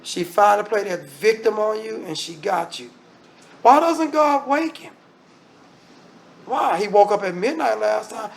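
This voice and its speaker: A man preaching a lively sermon, firing off rhetorical questions and acting out voices. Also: sits high, unhurried, vocal fry, pauses often.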